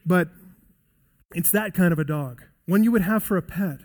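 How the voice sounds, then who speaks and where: A man preaching a sermon as pastor-teacher, earnest and expository, slowing down to stress key points. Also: high-pitched, darkish tone. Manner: earnest expository preaching, varies pace for emphasis.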